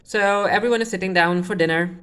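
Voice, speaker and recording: A woman's voice: medium pitch, fairly quick, a bit bright, clear, resonant tone. A woman casually recapping a TV episode as a reviewer, rambling with frequent restarts and offhand asides. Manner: rambling, full of restarts and quoting characters offhandedly. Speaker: TV show reviewer.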